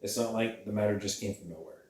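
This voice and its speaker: A man's voice: on the low side, fast, a little mellow, reverberant, far from the mic. A man chatting casually with his girlfriend, rambling and swearing, breaking into mocking impressions. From Scottish heritage. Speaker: channel host. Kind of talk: casual chat.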